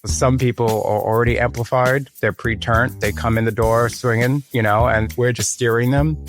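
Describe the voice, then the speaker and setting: A man's voice: medium pitch, steady tone, normal speed, faint music behind. A man, a casting producer, telling anecdotes in an interview and acting out the dialogue. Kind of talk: interview storytelling.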